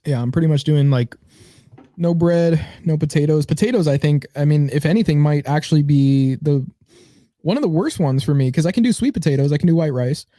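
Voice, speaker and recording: A man's voice: on the high side, fairly quick, warm tone, dry recording, clean studio sound. A man co-hosting a podcast in casual chat, teasing and loose with filler words. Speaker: podcast co-host.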